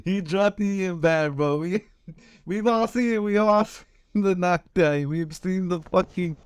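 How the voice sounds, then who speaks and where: A man's voice: sits high, unhurried, clean tone, dry recording. A man giving fight predictions, talking slangy and rambling, swearing a lot and restarting his sentences. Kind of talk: casual chat.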